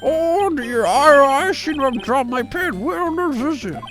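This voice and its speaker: A streamer doing a fussy, high-voiced old judge. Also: sing-song, brisk, faint music behind. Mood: flustered. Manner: fussy, stammering, high and nervous. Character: flustered, timid elderly male judge.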